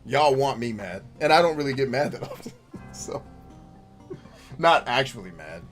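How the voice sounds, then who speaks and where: Man, gaming host, mid-pitched voice, blunt, swears freely, casual gameplay commentary, faint game music behind. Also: sing-song, moderate pace. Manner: blunt, profane and emphatic; laughs easily, jokey asides.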